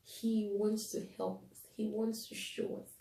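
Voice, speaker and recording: A woman's voice: medium pitch, little pitch movement, measured pace, creaky, dark tone, far from the mic. A woman hosting an inspirational Christian talk, earnest and pleading, repeating phrases for emphasis and at times tearful. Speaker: podcast host. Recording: roomy echo, voice set back from the mic.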